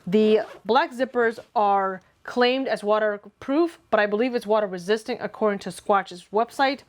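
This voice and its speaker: A woman's voice: medium pitch, normal speed. A woman walking through a detailed product comparison in a methodical, self-correcting way. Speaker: gear reviewer. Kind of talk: product review walkthrough.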